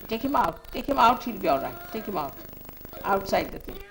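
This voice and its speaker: A woman's voice: medium pitch, very animated, brisk, fairly bright tone, slight background noise, rough recording. An older woman, a spiritual teacher, giving a spoken talk to a gathering in a motherly, scolding way, often repeating short commands.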